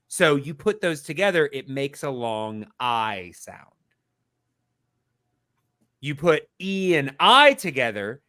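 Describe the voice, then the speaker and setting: A man on a podcast giving a casual mock lesson, talking slowly and explaining step by step with lots of fillers. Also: a little high, big pitch swings, sharp tone. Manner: slow, explanatory, many fillers and restarts. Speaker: podcast co-host.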